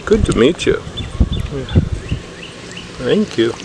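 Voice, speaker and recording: A man's voice: mid-range voice, big pitch swings, slow. A man helping at a dog training session, greeting the dogs with sweet, gushing baby talk outdoors. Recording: outdoor recording with clear background noise.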